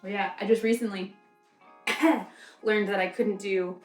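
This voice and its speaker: Cooking in her home kitchen, this young Southern vlogger chats and rambles, cutting herself off as she goes. She speaks at medium pitch with fairly even intonation and a slightly slow pace, faint music behind her and echo from the distant mic.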